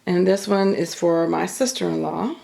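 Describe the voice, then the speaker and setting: A woman's voice: fairly low pitch, normal speed, vocal fry, warm tone, a little hiss or hum. A middle-aged woman chatting casually as she shows off her crafts in a home vlog, rambling with lots of fillers and a little out of breath. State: a bit out of breath. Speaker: craft YouTuber. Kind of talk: casual show-and-tell vlog. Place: at home craft table, behind the camera.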